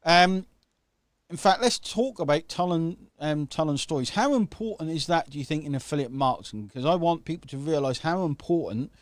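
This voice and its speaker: An enthusiastic man hosting a casual interview, his voice sitting a little high. He talks in loose, eager runs and keeps tagging his points with "okay?". The sound is dry, with no room around it. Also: animated, moderate pace, no echo. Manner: enthusiastic, uses "okay?" often. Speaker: host.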